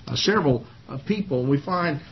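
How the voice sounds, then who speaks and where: A man's voice: fairly high pitch, expressive, normal speed. A man teaching a Bible study in a casual, folksy way, retelling the story with many uhs and you-knows. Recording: slightly muffled old recording.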